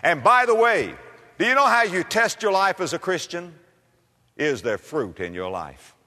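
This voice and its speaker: A male preacher delivers a fervent revival sermon in a bright, ringing, sing-song voice that climbs high and drops low at a moderate pace. He fires off rhetorical questions, swinging between near-shouts and hushed lines, with a long echo carrying through the church hall.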